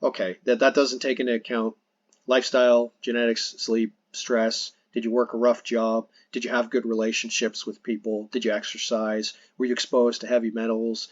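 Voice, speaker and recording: A man's voice: mid-range voice, monotone, normal speed, no room sound, muffled recording. A man hosting a podcast, earnestly explaining his points in casual conversation, restarting phrases as he goes. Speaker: podcast host.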